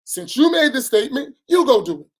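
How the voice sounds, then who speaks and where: A man's voice: very high voice, big pitch swings, fairly quick, breathy edge. A man, an imam teaching a religious lesson in a direct, admonishing way, often tagging "right?" onto his points.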